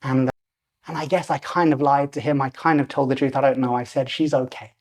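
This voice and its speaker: A man's voice: medium pitch, fairly even intonation, fairly quick. A man in his forties, a podcast guest telling a personal story animatedly and acting out the voices in it. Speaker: podcast guest, lucid dreaming teacher.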